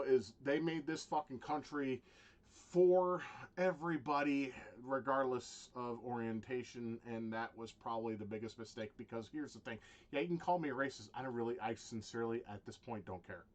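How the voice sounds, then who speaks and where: A man ranting in a profane vlog monologue, halting with restarts and swinging from low muttering to loud shouting. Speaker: vlogger.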